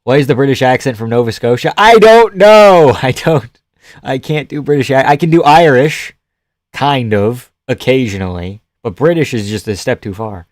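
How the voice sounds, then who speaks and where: A man's voice: medium pitch, normal speed, a little mellow, dry recording, studio quality. Laid-back young man streaming. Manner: laid-back, laughs often, swears casually, reads chat aloud. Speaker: live-stream host. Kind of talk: casual live-stream chat.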